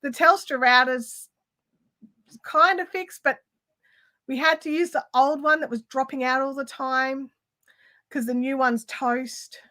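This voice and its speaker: A woman's voice: high-pitched, fairly even intonation, measured pace, long pauses, pushed and bright. A woman hosting a craft livestream from home, telling an exasperated story in casual chat and mimicking the people she quotes. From Australia.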